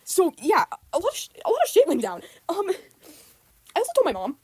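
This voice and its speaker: A woman's voice: very high voice, wildly swooping pitch, normal speed, no room sound. A teenage girl, upset, rambling through a casual rant to camera, repeating herself with lots of ums. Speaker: student vlogger.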